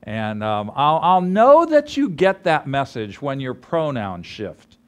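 A man's voice: medium pitch, slow pace. A man preaching to a gathered group, telling a story with acted-out dialogue. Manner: animated storyteller, acts out dialogue. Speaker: ministry leader teaching a course. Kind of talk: sermon with storytelling.

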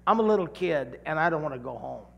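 A middle-aged man from California preaching a sermon, telling a childhood story with lively acted-out voices. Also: fairly high pitch, fast, gravelly, lo-fi sound. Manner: animated storyteller, acting out voices. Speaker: pastor. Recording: long hall reverb.

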